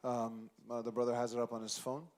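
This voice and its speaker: A man of middle pitch moderates the session, reading audience questions aloud. He speaks casually and fills his pauses with short sounds. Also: monotone, a little mellow.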